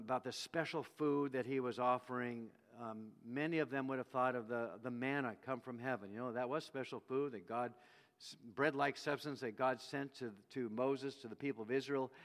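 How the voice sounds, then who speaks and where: A man preaching a sermon, telling the story with animated delivery and acting out the quoted voices. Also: medium pitch. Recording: long reverb of a hall.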